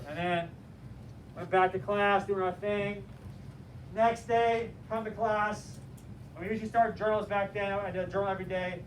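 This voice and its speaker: A man teaching a class, telling a story in an animated, direct and motivational way. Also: high-pitched, normal speed. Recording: distant mic with faint room noise.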